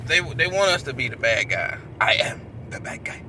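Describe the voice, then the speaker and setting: An angry man ranting profanely while driving his car, shouting at times. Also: medium pitch, very animated, moderate pace, background noise. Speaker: vlogger.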